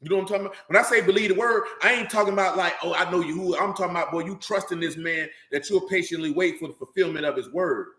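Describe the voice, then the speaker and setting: A man preaching with raw intensity, firing off street slang and challenges at his listeners. His voice sits fairly high and rings around an echoey room. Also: fast, few pauses, fairly bright tone. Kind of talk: fiery street-talk sermon.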